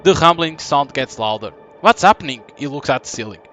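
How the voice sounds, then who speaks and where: A man giving live gameplay commentary, reading the story text and choices aloud in an even tone. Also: medium pitch, fairly quick, soft background music. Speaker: gaming commentator.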